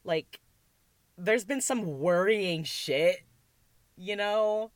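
A woman's voice: mid-range voice, drawn-out words, no echo, studio quality. A woman chatting casually as a podcast guest, laughing often and full of fillers. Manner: giggly, many fillers. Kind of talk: casual chat.

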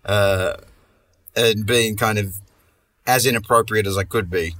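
A man's voice: on the low side, steady tone, a little slow, sharp tone, distant mic, a little hiss or hum. A man hosting a comedy podcast, telling a long story in a rambling, sweary way and restarting his sentences often. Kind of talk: casual comic storytelling.

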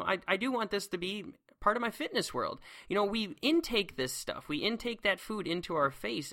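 A man who teaches science, talking in an excitable, rambling solo monologue full of restarts. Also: high voice.

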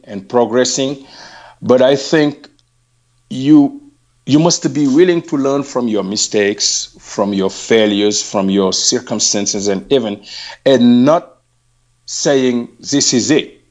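An earnest man with a West African accent answers interview questions in a reflective, halting way. He often stumbles and restarts before finding his words, and his voice sits at an ordinary middle pitch. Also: darkish tone. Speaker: interview guest.

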